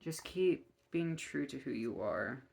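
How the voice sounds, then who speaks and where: A tarot reader giving a casual reading to camera, speaking slowly and gently with many ums, encouraging and easily moved to laughter. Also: mid-range voice, animated, creaky. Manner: slow and gentle with frequent ums, warmly encouraging; gushing and easily emotional, often laughing.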